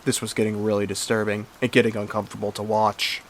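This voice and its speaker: A man's voice: lowish voice, completely flat delivery, fast. A man narrating a horror story in a plain, earnest storytelling manner. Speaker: creepypasta narrator. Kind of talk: story reading.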